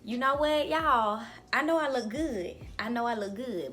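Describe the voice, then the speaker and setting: Lively, bright-voiced young woman vlogger. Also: on the high side, measured pace. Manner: animated, playful, lots of "girl" and "y'all", bursts of laughter and singing. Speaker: vlogger reviewing wigs. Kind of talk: casual chatty haul vlog. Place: indoors at home.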